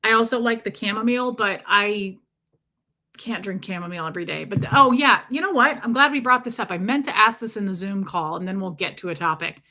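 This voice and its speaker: Woman doing a chatty live stream, reading out viewer comments by name, bright voice. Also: medium pitch, fairly quick. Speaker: livestream host. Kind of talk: casual live-stream chat.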